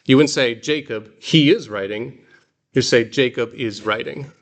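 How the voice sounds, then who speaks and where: A man's voice: mid-range voice, a little slow. Patient male Greek teacher. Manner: patient, explains with examples, reads Greek aloud. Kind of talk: classroom lesson. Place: classroom.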